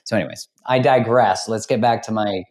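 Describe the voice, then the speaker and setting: A man's voice: fairly low pitch, brisk, darkish tone. A man hosting a podcast, talking in a reflective, explanatory way in casual conversation. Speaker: podcast host.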